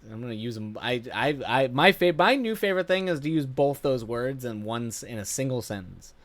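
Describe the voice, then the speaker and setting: A man streamer reading a viewer's story aloud, with animated laughing asides and frequent self-corrections. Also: mid-range voice, fairly quick, dry recording.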